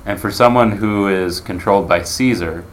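A man's voice: on the low side, moderate pace, slight background noise. A man teaching a Bible class in a conversational way, asking his listeners questions as he explains.

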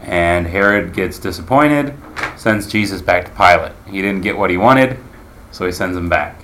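A man's voice: low voice, expressive, moderate pace, fairly bright tone, slight background noise. A man teaching a Bible class in a conversational way, asking his listeners questions as he explains.

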